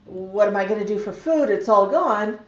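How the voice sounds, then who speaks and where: A woman voicing her male pet parrot's puzzled thoughts in a quick, plain voice. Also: mid-range voice, expressive, roomy sound, distant mic, lo-fi sound, lightly acted.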